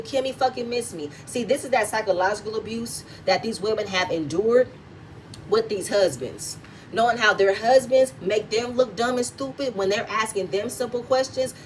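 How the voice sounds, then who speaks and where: A woman's voice: mid-range voice, far from the mic, a little hiss or hum, low-quality recording. A woman hosting a reality TV recap vlog, giving blunt, heated and profanity-laced commentary.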